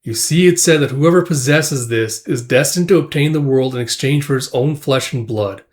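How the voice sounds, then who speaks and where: A self-assured young mercenary commander who speaks with calm certainty, as a man reads him aloud. The delivery is measured and at an ordinary middle pitch, part of a casual comic recap. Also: lightly acted. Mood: matter-of-fact. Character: charismatic young male mercenary commander, ambitious.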